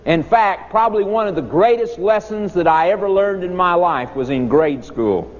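A man's voice: sits high, lively intonation, normal speed. A man preaching a sermon in a folksy storytelling manner. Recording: dull lo-fi recording with long reverb and faint noise.

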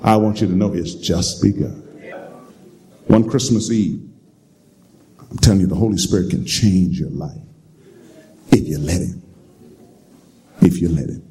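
A man's voice: low-pitched, measured pace, pauses often, mellow. A man preaching a sermon, telling stories and repeating his key lines emphatically to the congregation. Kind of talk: sermon storytelling.

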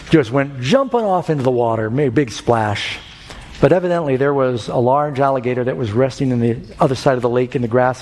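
A man's voice: mid-range voice, a little mellow. A male preacher giving an evangelistic sermon, telling stories and rising to impassioned calls. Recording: long hall reverb with faint music.

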